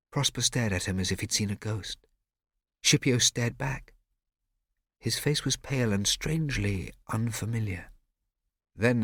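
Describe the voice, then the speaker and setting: Low-voiced male audiobook narrator. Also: slightly rough, no echo, clean studio sound. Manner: measured, expressive storytelling. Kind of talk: scripted narration.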